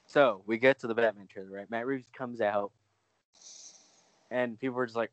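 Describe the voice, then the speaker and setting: A young man in casual chat as a podcast co-host, excitable and rambling, full of filler words. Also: medium pitch, normal speed, lo-fi sound, slight background noise.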